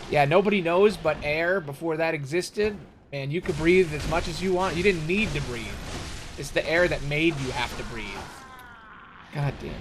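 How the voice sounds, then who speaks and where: A man's voice: on the high side, moderate pace. Rambling jokey male game streamer. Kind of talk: casual gameplay commentary. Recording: audible background noise.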